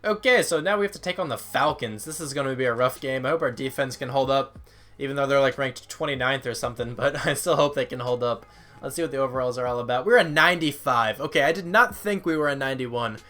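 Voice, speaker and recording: A man's voice: medium pitch, fast, fairly bright tone. Tired young man rambling over gameplay. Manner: rambling, self-deprecating, reads out stats. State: tired, voice cracking. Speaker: gaming YouTuber. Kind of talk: casual gameplay commentary.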